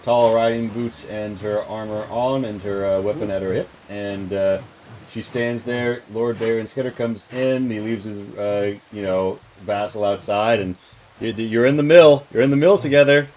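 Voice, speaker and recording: A man's voice: lowish voice, fairly even intonation, moderate pace, darkish tone, slight background noise. A man narrating a tabletop role-play game as game master, loose and full of "uh, you know" fillers.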